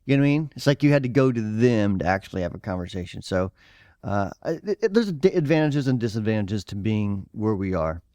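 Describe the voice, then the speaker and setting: A man's voice: on the low side, animated, a little fast, darkish tone, no echo. A man with a Midwestern accent co-hosting a podcast in casual chat, rambling with fillers and easy laughs. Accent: American Midwest. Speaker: podcast co-host.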